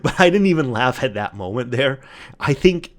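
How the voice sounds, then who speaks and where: A man hosting a solo podcast, telling a long anecdote in a casual, animated way, acting out the other people's lines and often restarting his sentences. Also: medium pitch, moderate pace. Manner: animated retelling with quoted voices, frequent restarts. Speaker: podcast host.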